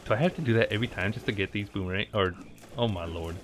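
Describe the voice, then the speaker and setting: A man's voice: on the low side, fast, slight background noise. A man casually telling a childhood story while playing a video game, rambling and breaking off to react to the game. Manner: rambling, chatty, with laughs and asides to the game. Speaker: gaming channel host. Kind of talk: casual gameplay commentary with storytelling. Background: faint game music.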